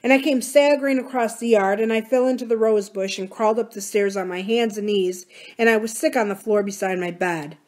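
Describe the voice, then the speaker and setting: A woman reads a grieving grown son who works his father's ranch. His voice is raw and pleading, in a middle pitch, as in a storybook reading. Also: fairly quick, hardly any pauses, darkish tone, lightly acted. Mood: rueful. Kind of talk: audiobook-style reading.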